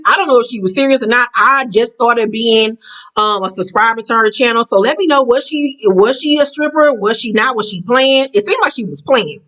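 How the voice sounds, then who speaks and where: A woman recapping a reality show in blunt, profane, catty casual talk, jumping up in pitch as she acts out quotes. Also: expressive, normal speed, fairly bright tone, poor audio.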